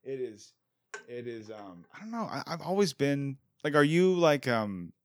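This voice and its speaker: A man's voice: medium pitch, very animated, measured pace. A young American man hosting a podcast, chatting casually and animatedly, swearing and acting out the voices he quotes. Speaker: podcast host. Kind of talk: casual chat.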